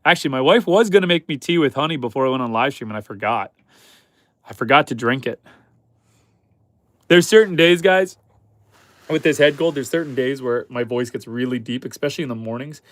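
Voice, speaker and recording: A man's voice: mid-range voice, fairly quick, long pauses, fairly bright tone, dry recording. Chatty man with a head cold. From Canada. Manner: chatty and upbeat, talks to chat and animals. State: head cold, stuffy and slightly hoarse. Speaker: homesteading livestream host. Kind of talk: casual livestream chat reading viewer comments. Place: chicken coop on a homestead.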